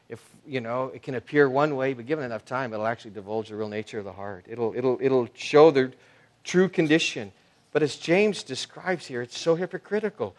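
Conversational male pastor preaching. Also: medium pitch. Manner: conversational, many fillers and restarts; swings between soft asides and loud emphasis. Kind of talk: sermon.

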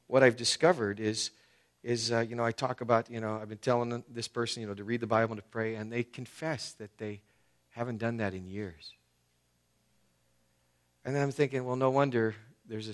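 A man's voice: mid-range voice, a bit bright. A man preaching a sermon as pastor, talking in a conversational, personal way with frequent restarts.

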